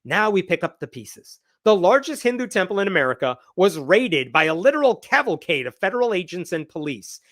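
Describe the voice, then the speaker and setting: A man's voice: high-pitched, sing-song, fairly quick, few pauses, fairly bright tone. A man with a put-on Indian accent voicing an indignant woman executive, reading her triumphant statement in a mock-solemn, declaiming way. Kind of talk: mocking read-out of a quote.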